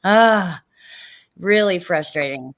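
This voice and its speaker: A woman's voice: lowish voice, animated, slow pace, a bit bright. A woman hosting a livestream, reacting to clips and summing up for viewers in a casual chat. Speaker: livestream host.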